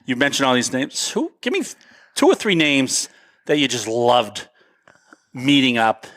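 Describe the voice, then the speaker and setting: A man hosting a casual chat, interviewing a guest with quick back-and-forth. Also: medium pitch, sing-song, a bit bright. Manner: friendly interviewer, quick affirmations. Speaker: podcast host.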